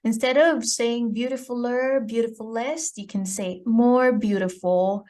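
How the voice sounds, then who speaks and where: A woman's voice: on the high side, fairly even intonation, unhurried, a little mellow. A woman teacher giving a grammar lesson, explaining step by step and often checking her student's understanding with "okay?". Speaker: English teacher.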